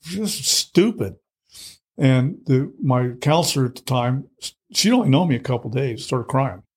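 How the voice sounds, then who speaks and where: A man's voice: mid-range voice, expressive, a little slow, slightly rough. A middle-aged man telling his own story in conversation, blunt and plainspoken, full of fillers and restarts. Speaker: guest.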